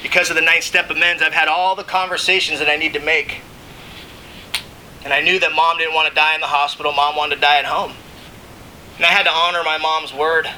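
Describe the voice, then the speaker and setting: A man with a very bright, forceful voice and a fairly high pitch tells his recovery story to a meeting. He talks in a loose, conversational way, circling back, filling gaps with "you know what I mean" and breaking into laughs. A faint low rumble sits under the recording. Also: flat delivery, a little fast, poor audio. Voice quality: emotional, laughs between lines. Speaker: recovering alcoholic speaker. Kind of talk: AA share, speaking to a meeting.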